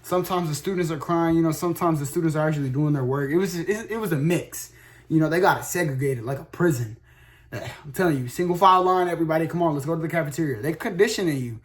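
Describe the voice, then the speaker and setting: A young man telling a rambling story to his viewers, casual and slangy, swearing a lot, with sudden loud shouts and laughs. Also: a little high, fast talker.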